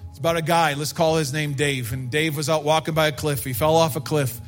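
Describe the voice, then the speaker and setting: A man preaching a sermon in a church service, slow and emphatic, and he lifts his voice to stress his points. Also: on the high side, flat delivery, soft background music. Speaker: pastor.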